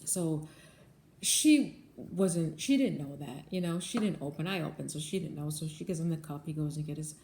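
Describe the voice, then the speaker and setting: A woman's voice: low voice, normal speed, a little mellow. A woman who manages a bagel shop, telling a story to her viewers in a casual vlog, earnest and repetitive, often calling them guys. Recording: echoey room, faint background noise.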